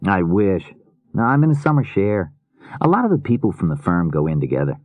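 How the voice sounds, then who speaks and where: A man's voice: deep voice, big pitch swings, brisk, no echo, phone-quality sound, voice pushed up. A male narrator voicing an eager, quirky young woman with a lifted, girlish tone. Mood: curious.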